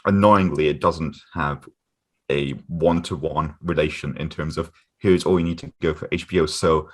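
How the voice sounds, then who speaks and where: Very deep-voiced man, halting casual talk. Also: steady tone. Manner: halting, lots of "uh" fillers, laughs often. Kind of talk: casual chat.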